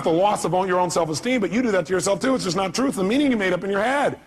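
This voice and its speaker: A man's voice: sits high, racing, hardly any pauses, fairly bright tone, slightly rough. A man giving a motivational seminar talk, emphatic and firing rhetorical questions at his audience. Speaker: motivational speaker.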